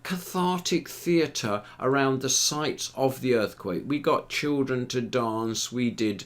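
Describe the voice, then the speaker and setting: A man's voice: medium pitch, slow pace. An older man, a retired theatre performer, tells stories in a documentary interview and acts out the dialogue as he goes. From Britain. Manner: lively anecdotal storyteller who acts out dialogue.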